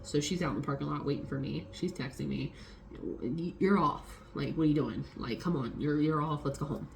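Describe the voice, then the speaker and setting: A woman's voice: deep voice, a little fast, vocal fry, a little hiss or hum. A young adult woman vlogging a casual storytime, swearing freely and acting out what others said. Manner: swearing, animated retelling with quoted voices.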